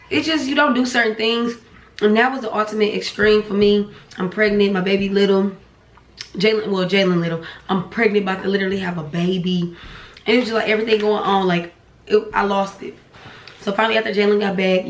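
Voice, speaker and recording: Animated young woman telling a story. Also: roomy sound, slight background noise. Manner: animated storytelling, acts out dialogue with pitch jumps. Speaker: vlogger. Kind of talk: storytime chat while eating. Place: home room.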